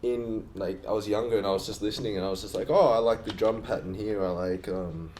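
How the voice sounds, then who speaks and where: A man's voice: fairly low pitch, steady tone, fast, a little mellow, a little hiss or hum. A man guest on a podcast, a music producer, talking in a laid-back, joking way with lots of fillers. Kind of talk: casual chat.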